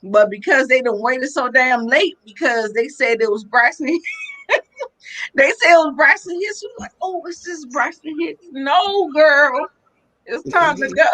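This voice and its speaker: High, bright-voiced blunt woman. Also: very animated, unhurried, rough recording. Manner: blunt, swears freely. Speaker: panelist. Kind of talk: casual roundtable chat.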